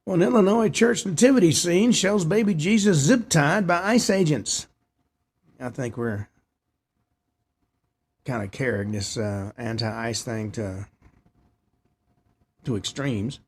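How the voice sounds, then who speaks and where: Gravelly-voiced male news commentary host. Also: on the high side, a little mellow, a little hiss or hum. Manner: reads headlines and adds opinionated asides.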